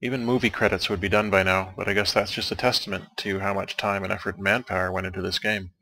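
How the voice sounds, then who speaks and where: A young man with a low, gravelly voice that still cuts through bright and forward. He chats loosely over a game's credits, tossing off dry, wry asides as he drifts from one topic to the next. A faint hiss sits under the recording. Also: little pitch movement, fast talker. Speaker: let's play commentator. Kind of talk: casual rambling commentary over game credits.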